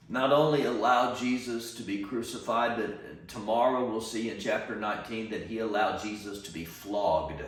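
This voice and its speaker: A man, preaching a Bible teaching sermon as a pastor, measured and explanatory, acting out quoted lines. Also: on the low side, fairly bright tone. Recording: echoey room, from a distance.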